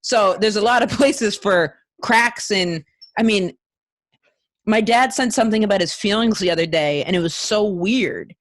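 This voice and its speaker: A woman's voice: medium pitch, moderate pace, no room sound. A woman hosting a podcast interview, chatting casually and supportively with her guest. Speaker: podcast host.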